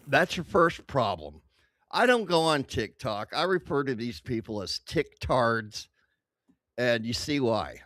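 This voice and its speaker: A man's voice: mid-range voice, big pitch swings, measured pace, a bit bright, no echo, studio quality. A man casually reacting to online clips, crude, profane and blunt. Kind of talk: casual reaction stream commentary.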